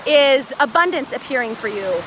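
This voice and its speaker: A woman hosting a casual motivational live stream outdoors on a beach, filmed on a phone, chatty and excitable, a little out of breath. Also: sits high, normal speed. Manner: chatty, excitable, greets viewers by name. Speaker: live video host. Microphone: phone held by a friend. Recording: faint surf noise outdoors.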